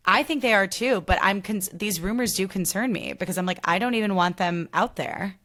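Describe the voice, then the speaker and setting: A woman hosting a podcast in a gushing, animated way, full of fillers like "like". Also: mid-range voice, fairly quick. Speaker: podcast host. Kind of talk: casual podcast chat.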